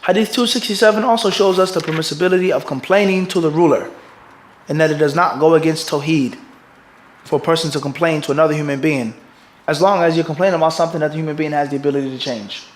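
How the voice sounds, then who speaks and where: In a religious lecture to his hadith class, a middle-aged mufti speaks with lively energy in a fairly high register and uses Arabic terms. His habit is to hang on "what?" until the class answers, and he repeatedly asks if everybody understands this.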